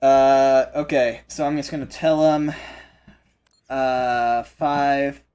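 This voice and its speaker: A man hosting a live esports broadcast, commentating with excitable energy and frequent restarts. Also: medium pitch, clear, resonant tone, highs cut off. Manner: excitable, fast restarts and repeated phrases. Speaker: esports play-by-play host.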